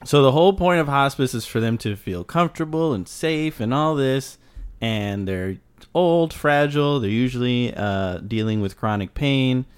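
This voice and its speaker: A man's voice: mid-range voice, lively intonation, moderate pace, clean tone. A man co-hosting a casual podcast, explaining procedures in a matter-of-fact way and swearing casually. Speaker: podcast co-host. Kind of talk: casual chat.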